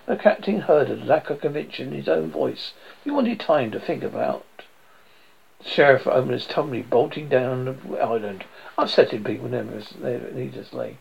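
A man's voice: medium pitch, lively intonation, normal speed, gravelly. A man dramatically reading a horror novel aloud, in a dull lo-fi recording. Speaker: narrator. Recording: dull lo-fi audio.

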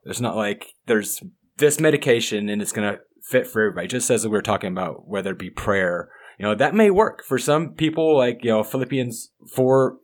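A man in his thirties hosting a casual chat, loose, animated and talkative. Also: mid-range voice. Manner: animated storyteller, loose and chatty. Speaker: host.

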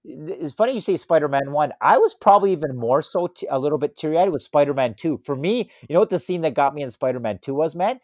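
A man's voice: fairly high pitch, quick pace, hardly any pauses, dry recording. Rambling man telling stories in a dry room. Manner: rambling, animated storytelling. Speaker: podcast co-host. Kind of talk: casual chat.

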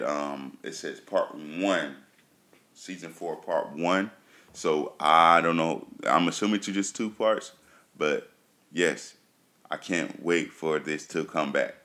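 A man with a very low voice gives a loose, chatty run-down of TV shows for his viewers. He often pauses on "um" and says his points twice for emphasis. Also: sharp tone. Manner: loose and chatty, many fillers and repeats. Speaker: TV show reviewer. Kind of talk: casual chat to viewers.

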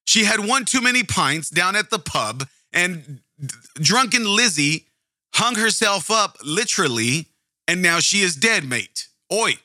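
Brief: a man putting on a cheeky British pub bloke, high and sharp, in a dry close recording. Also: very animated, unhurried, no room sound, exaggerated voice. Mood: mocking. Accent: put-on British. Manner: exaggerated, punctuated with "oi" and "mate".

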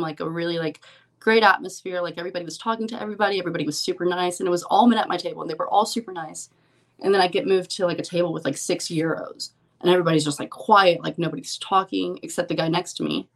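Young woman guest, casual and frank, says like a lot, voice sits a bit low. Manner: chatty, frank, many "like" fillers. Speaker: professional poker player, guest. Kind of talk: casual interview chat.

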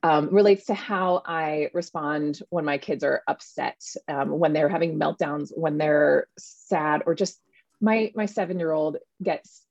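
A woman in her thirties speaks as an interview guest, chatty and full of fillers. Her voice is gravelly and husky, sitting a little low. The recording is dry and a bit dull, lo-fi. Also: a little slow, dry recording. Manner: chatty and animated, many fillers. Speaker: author and guest. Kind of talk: casual interview conversation. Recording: dull, lo-fi sound.

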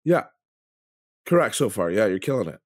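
A man's voice: fairly low pitch, very animated, normal speed, darkish tone, dry recording. A man from Canada, a podcast guest chatting casually with dry, teasing humor. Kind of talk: casual chat.

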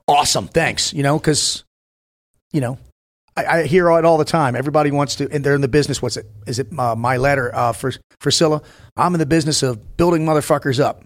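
A man's voice: a little high, fast. A man in his fifties, a former Navy SEAL guest, telling blunt, profane stories in casual podcast chat. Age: 50s. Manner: blunt, profane, storytelling with emphatic bursts.

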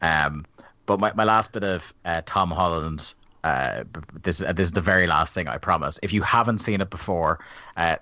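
A man's voice: low-pitched, normal speed, pushed and bright. A man hosting a podcast in casual chat, jokey and wry, steering the talk from topic to topic. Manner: jokey, wry, leads segments.

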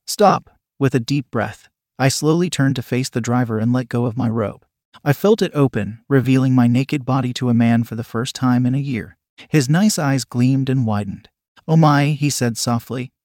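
A man's voice: mid-range voice, a little mellow, no room sound. Man reading a story in a dry voice. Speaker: narrator. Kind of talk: scripted first-person narration.

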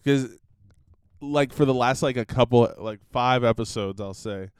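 A man's voice: mid-range voice, measured pace, clear, resonant tone, no echo, studio quality. A young man hosting a podcast, rambling in a casual monologue full of fillers and laughter. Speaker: podcast host. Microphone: computer recording setup.

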